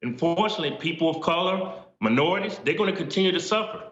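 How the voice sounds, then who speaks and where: A man's voice: a little high, lively intonation, fast, fairly bright tone, roomy sound. A male guest commentator on a political talk show, speaking in an indignant, emphatic way over a dull remote line.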